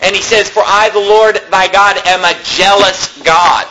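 A man's voice: high-pitched, fairly even intonation, unhurried, pushed and bright, a little hiss or hum, rough recording. A man preaching a sermon in a conversational way, rising emphatically on his key points. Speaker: pastor.

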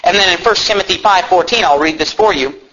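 A male pastor preaching a sermon, swinging from loud emphatic preaching to low asides. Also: fast talker, dull audio, slight background noise.

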